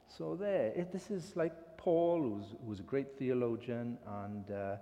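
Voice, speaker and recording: A man's voice: mid-range voice, animated, unhurried, few pauses, highs cut off. An older man with an English accent giving an informal sermon, chatty and self-deprecating as he tells a story. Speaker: lay preacher. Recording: reverberant hall.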